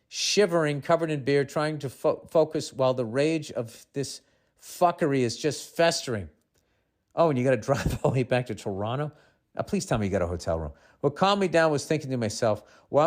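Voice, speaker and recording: Reading a listener's letter aloud, a Boston-accented podcast host in his fifties keeps interjecting sarcastic, exasperated asides. He speaks in a man's mid-range voice.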